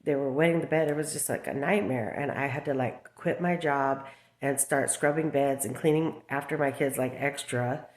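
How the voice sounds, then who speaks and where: A woman's voice: a bass voice, moderate pace, darkish tone. A woman in her thirties ranting in a casual vlog about her children, agitated and rambling with lots of fillers. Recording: roomy echo.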